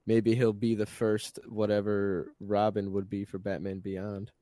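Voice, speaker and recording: A man with a lowish voice chats on a casual podcast, relaxed and agreeable as he chimes in. The mic is close and dry, with no echo around him. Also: a little slow. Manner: easygoing, agreeable, chiming in. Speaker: podcast co-host.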